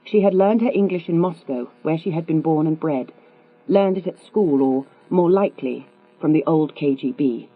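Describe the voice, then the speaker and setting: A woman narrating a thriller audiobook in a measured, composed read. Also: sits low, breathy edge. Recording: tinny, phone-like with mains hum.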